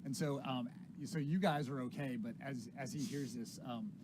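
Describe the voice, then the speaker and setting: A man's voice: medium pitch, moderate pace. A man running a tabletop horror game as game master, narrating casually with many fillers. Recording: loud background hiss.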